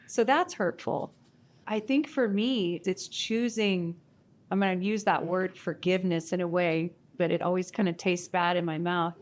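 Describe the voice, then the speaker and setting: A woman with a lowish voice talks on a live community-event panel, poking fun at herself with animation and frequently voicing her own inner thoughts aloud.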